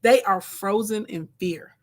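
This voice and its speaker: A woman's voice: mid-range voice, unhurried. Conversational woman retelling a Bible story. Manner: lively, conversational, frequent "okay?" check-ins. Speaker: Bible teacher. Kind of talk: casual Bible storytelling lesson.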